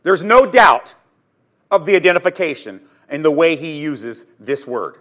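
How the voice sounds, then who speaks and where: High-voiced, dramatic male Bible teacher. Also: animated, a little slow. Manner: dramatic, emphatic storytelling with sudden swings between loud and hushed; addresses listeners directly with questions.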